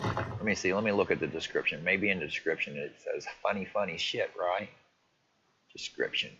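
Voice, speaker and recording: A man's voice: sits low, sing-song, moderate pace, sharp tone. A man livestreaming, animatedly reacting to and retelling video clips, swearing casually. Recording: dull lo-fi stream audio with faint noise.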